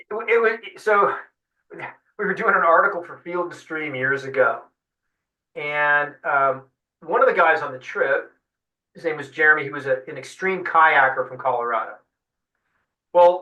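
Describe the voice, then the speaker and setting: A man being interviewed, telling a lively story and acting out what the others said. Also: fairly high pitch, highs cut off. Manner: animated storyteller acting out voices. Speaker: guest fly-fishing guide. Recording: roomy sound, mic at a distance.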